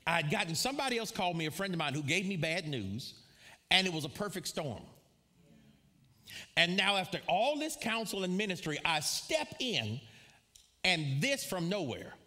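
A man preaching a sermon to a live congregation, telling a personal story with frequent laughter and lively asides. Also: high-pitched, moderate pace. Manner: animated storyteller, laughs often, calls out to congregation. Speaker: pastor. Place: church before a live congregation.

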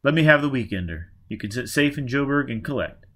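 A man's voice: medium pitch, expressive, fast talker, a bit bright, pitched above the performer's own voice. A man reading an audiobook, voicing a tormented, stubborn young spacer who mumbles. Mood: sullen.

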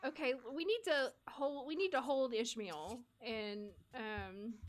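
Speaking slowly in a slightly high voice with an American accent, a woman streams a life-sim game. Giggly and chatty, she laughs often and reads and answers her chat in casual commentary.

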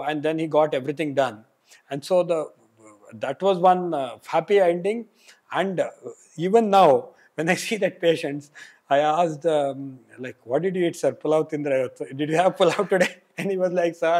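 Animated man telling doctor stories. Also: a little high, moderate pace. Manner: animated, laughs while telling anecdotes. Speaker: pulmonologist guest. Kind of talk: casual interview storytelling.

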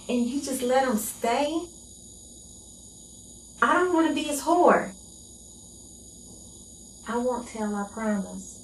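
A desperate, broken young woman, played by an actress, begs in a slow, raw voice pitched a touch high. Her dramatic poetry performance rings in an echoey room with faint crickets outside. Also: a little hiss or hum. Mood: anguished. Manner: pleading, emotionally raw delivery.

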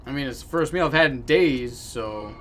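A man playing through a game on camera, with goofy, theatrical commentary and sudden loud outbursts. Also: mid-range voice, moderate pace, slight background noise. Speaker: gaming YouTuber. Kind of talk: let's play commentary.

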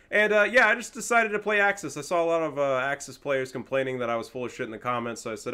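A man's voice: on the high side, fast talker, few pauses, bright, forceful tone. A young man casting his own strategy game online, talking in a casual, slangy and profane way and laughing often. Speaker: gaming YouTuber and caster. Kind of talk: casual gameplay commentary.

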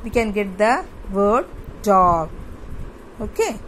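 A woman teaching young children from a workbook, going slowly, repeating words and spelling them out letter by letter. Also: on the high side, a little hiss or hum, rough recording. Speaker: primary school teacher. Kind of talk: classroom lesson, explaining a workbook page.

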